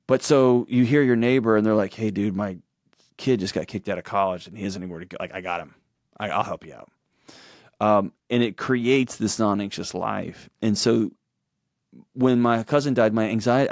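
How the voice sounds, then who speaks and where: A man's voice: mid-range voice, darkish tone, dry recording, studio quality. A man in his forties with a drawl, a guest telling personal stories earnestly in an interview and acting out what others said. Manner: earnest storytelling, acts out quotes in shifting voices. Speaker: guest, author and show host. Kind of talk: candid conversational interview talk.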